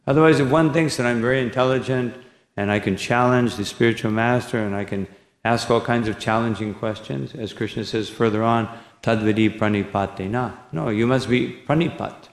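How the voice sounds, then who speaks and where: A man's voice: mid-range voice, normal speed. A man, a monk, giving a scripture lecture, talking in a rambling way with frequent "no?" and "you know" tags and reciting Sanskrit verses. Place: temple hall. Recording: echoey hall recording.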